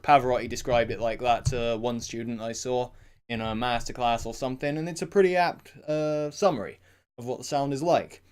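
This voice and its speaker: A man's voice: medium pitch, moderate pace, smooth. A man casually explaining singing technique in a rambling, conversational way, full of "you know" fillers and short sung demonstrations. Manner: breaks into short sung and shouted vocal demos. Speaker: singing vlogger.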